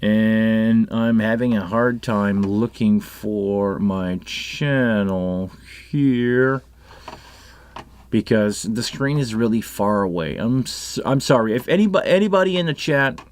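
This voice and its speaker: Hosting a casual live stream about sound gear, a man with a French Canadian accent speaks slowly in a voice on the low side. He rambles through many restarts and asides, using a live microphone on a console setup.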